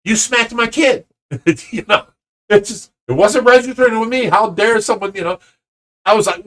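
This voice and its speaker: Rambling animated man telling a fight story. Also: high voice, brisk. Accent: Ohio. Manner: rambling and animated, acting out both sides of a fight. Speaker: fish rescue host telling a story. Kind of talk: casual storytelling to viewers.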